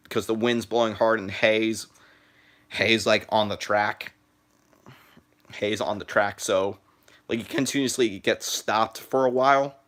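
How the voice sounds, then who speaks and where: A teenage boy live streaming from his phone, chatting in a halting way with lots of "uh" and "like" and restarted sentences. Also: fairly low pitch, a bit bright. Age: teens. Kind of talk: rambling live stream chat.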